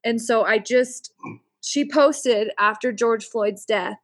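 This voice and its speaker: A woman guest speaking bluntly and with deep feeling, close to tears as she tells a personal story. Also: slow pace, no room sound. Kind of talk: emotional personal testimony.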